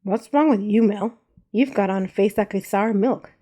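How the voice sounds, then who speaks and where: A woman's voice: mid-range voice, moderate pace, mellow, natural voice. A woman voicing a smug, teasing male criminal with a sly manner, in a read-aloud story.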